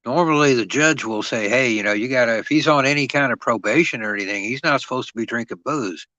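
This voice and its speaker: Man, co-host, bright voice, dry sound, easygoing, thinks aloud. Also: medium pitch, quick pace, no echo, dull audio. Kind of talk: casual live-stream chat.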